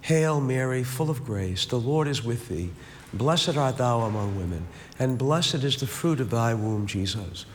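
Male prayer leader, measured rosary recitation, reverberant room, light background noise. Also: medium pitch. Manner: steady rhythmic recitation, falling on each amen; slow reflective speaking in the meditation. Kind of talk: leading a recited rosary with a meditation. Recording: long reverb, faint background hiss.

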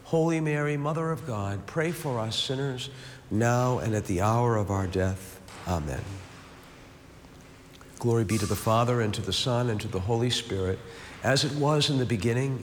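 A man leading a recited rosary, with steady rhythmic prayers that fall at each amen and a slow, reflective meditation. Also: lowish voice. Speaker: prayer leader. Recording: long reverb, faint background hiss.

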